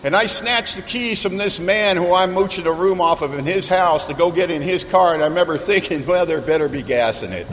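A man sharing his recovery story with a meeting audience, candid and self-mocking, building dramatic lists with pauses. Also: sits high, fairly even intonation, a bit bright. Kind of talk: personal recovery testimony to an audience. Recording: echoey hall with faint background noise.

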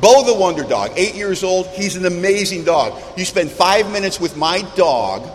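A man's voice: sits high, very animated, moderate pace. A man speaking at a recovery meeting, mixing humorous storytelling with earnest reflection. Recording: long hall reverb, faint background noise.

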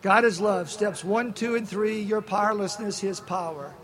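A man sharing his recovery story at a meeting, folksy and animated, quoting other people in character. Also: high voice, normal speed. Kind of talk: storytelling share to an audience. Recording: live talk with crowd. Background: audience laughter.

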